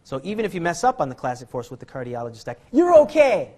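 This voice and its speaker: A man's voice: mid-range voice, sing-song, rapid-fire. A man teaching card magic in a casual demonstration, rambling, jokey and self-deprecating, chuckling often. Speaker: magic instructor. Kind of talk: casual card-trick tutorial.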